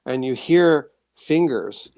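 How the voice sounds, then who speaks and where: A man being interviewed as a guest, telling rambling, animated anecdotes full of fillers and restarts. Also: mid-range voice, slow pace, no echo. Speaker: guest author sharing paranormal experiences. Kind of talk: casual storytelling interview.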